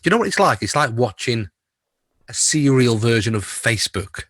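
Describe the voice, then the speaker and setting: A man's voice: medium pitch, lively intonation, moderate pace, fairly bright tone, no echo, clean studio sound. A man co-hosting a podcast in a casual chat, telling stories and laughing often. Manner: chatty storyteller who laughs often. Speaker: podcast co-host.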